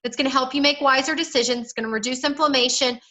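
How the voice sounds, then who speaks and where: Over phone audio of low quality, a woman coaches her sales team, talking fast in a high, steady, sharp voice. She's chatty and emphatic, often acting out what she'd say to people.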